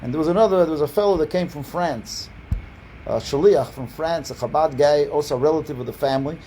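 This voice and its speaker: A man teaches as a rabbi over a video call, his voice pitched a little high but warm and mellow. He tells his story in a loose, rambling way, stumbling over and repeating words. He lifts his voice when he quotes someone, and a faint hum sits behind him. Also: quick pace, poor audio. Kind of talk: storytelling lesson. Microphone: online video call.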